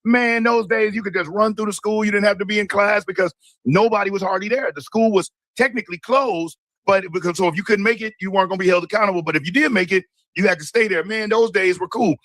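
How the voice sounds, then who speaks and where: A man's voice: high-pitched, quick pace, a bit bright, no room sound. A man from Michigan hosting a political commentary show, talking emphatically and indignantly. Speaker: host.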